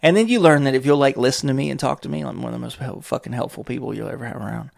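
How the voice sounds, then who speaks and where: A man's voice: medium pitch, very fast, gravelly, a little mellow. A man hosting a podcast in a casual solo monologue, rambling from tangent to tangent with frequent swearing and chuckles. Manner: rambling, tangent-hopping, profane, chuckling often. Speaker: podcast host.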